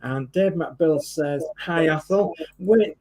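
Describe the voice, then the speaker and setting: A man's voice: fairly high pitch, slow pace, a little mellow, rough recording. A man co-hosting a live stream, reading out viewers' greetings in a friendly way. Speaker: livestream co-host.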